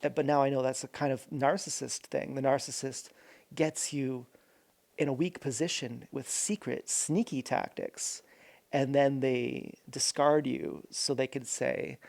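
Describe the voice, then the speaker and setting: A man's voice: mid-range voice, fairly even intonation, unhurried, vocal fry, darkish tone. A man vlogging a rambling, earnest personal monologue, often stopping to correct himself.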